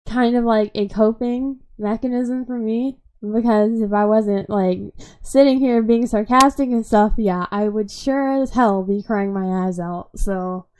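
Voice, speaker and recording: Brief: woman in her twenties, mid-pitch, upset vlogger rambling with constant "like" fillers and sarcasm. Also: a little mellow, clean tone. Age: 20s. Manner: rambling, heavy use of "like" fillers. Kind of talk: unscripted emotional venting.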